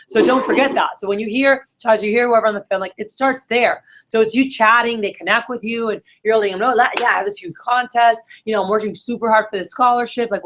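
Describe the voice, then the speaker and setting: A woman's voice: mid-range voice, fairly bright tone. A woman leading a live coaching session for her sales team in a room, talking casually and upbeat with lots of fillers. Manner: casual, upbeat, full of fillers like "you know" and "da, da, da".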